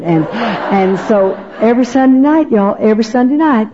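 A woman's voice: fairly high pitch, lively intonation, normal speed, background noise. An older woman telling her personal testimony to an audience in a folksy, storytelling way. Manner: folksy storyteller, often asks "you know what?". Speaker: speaker giving her testimony. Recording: dull lo-fi recording.

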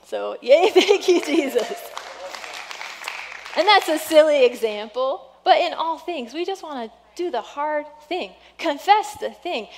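A woman pastor preaching a sermon in a lively, conversational way. She mixes encouragement with self-deprecating humor, and her voice sits a little on the high side. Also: gravelly, in a large hall.

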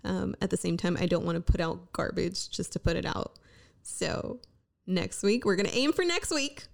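A woman's voice: lowish voice, normal speed, creaky. A woman in her thirties hosting her own podcast, talking casually and candidly, swearing freely and mocking herself. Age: 30s. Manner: chatty, swearing, self-mocking pep talk. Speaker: podcast host. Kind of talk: casual solo podcast chat. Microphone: podcast microphone.

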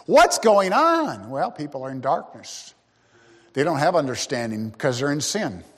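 A male pastor preaching a sermon, emphatic, swinging between loud declarations and hushed asides. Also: medium pitch, lively intonation, moderate pace, breathy edge, big-room sound.

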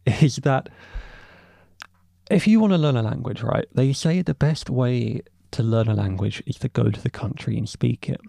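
A man's voice: medium pitch, creaky, mellow, dry recording, clean studio sound. A young man, a university student hosting a podcast, giving a rambling, opinionated solo monologue full of asides. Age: young adult. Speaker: podcast host.

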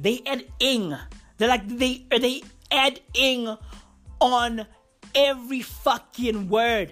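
A woman's voice: on the high side, takes it slowly, a bit bright, soft background music. A woman on a comic rant, slangy and profane, repeating lines for effect. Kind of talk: comedic rant.

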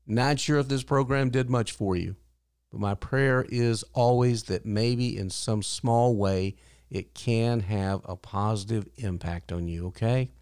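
A man's voice: on the low side, measured pace, darkish tone, clean tone, no room sound. Older male podcast host, earnest storyteller, dry close sound. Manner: earnest, acts out quotes in a raised voice. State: widowed, grieving but hopeful. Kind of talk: personal storytelling monologue.

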